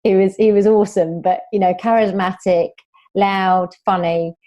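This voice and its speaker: A woman's voice: medium pitch, steady tone, moderate pace, mellow. A woman guest, an author and speaker, talking fluently and telling stories in a casual interview.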